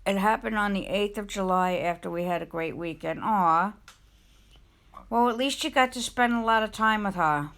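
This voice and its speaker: A woman's voice: medium pitch, moderate pace, a bit bright. A middle-aged woman live streamer chatting casually, telling a rambling, emotional personal story in a confiding way.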